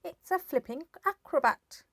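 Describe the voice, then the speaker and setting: A woman voicing a grumpy, scornful old grandmother who shouts and scoffs in a storybook reading. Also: sits high, expressive, unhurried, no echo, voice pushed up. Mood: boastful.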